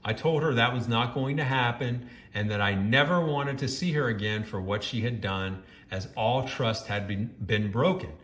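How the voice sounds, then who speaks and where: A man's voice: mid-range voice, moderate pace, hardly any pauses, fairly bright tone, echoey room. A man reading a first-person story aloud and breaking off into judgmental, scolding commentary.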